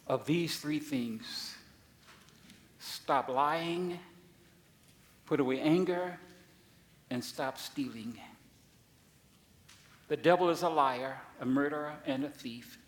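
A man pastor preaching a sermon, swinging from soft asides to loud, high-pitched emphasis. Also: takes it slowly, long pauses. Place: church sanctuary. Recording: echoey church hall.

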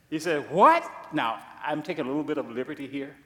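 A man preaching a sermon, emphatic, swinging between loud declarations and quiet asides. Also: medium pitch, steady tone, quick pace, reverberant, in a large hall.

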